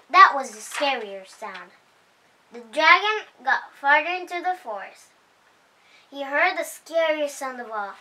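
A woman reads a children's picture book aloud at a slow, careful pace. Her voice is high and bright. She sits a little back from the mic. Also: distant mic, rough recording. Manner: slow, expressive reading with voiced character lines. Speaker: storyteller host.

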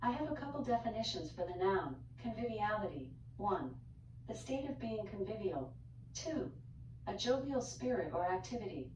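A woman's voice: medium pitch, normal speed, noisy background. Synthetic female assistant voice, distant, echoey. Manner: even, clipped, dictionary-like phrasing. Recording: echoey speaker heard from across the room.

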